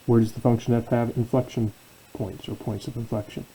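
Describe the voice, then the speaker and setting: A man's voice: mid-range voice, flat delivery, brisk, mellow, a little hiss or hum, low-quality recording. A man teaching a calculus lesson as a professor, asking questions and answering them himself. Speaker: math professor. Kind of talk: calculus lecture.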